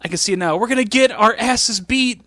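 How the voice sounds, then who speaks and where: A man voicing an overexcited young male wrestler who shrieks with giddy excitement. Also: extremely high pitch, brisk, no echo, voice pushed up.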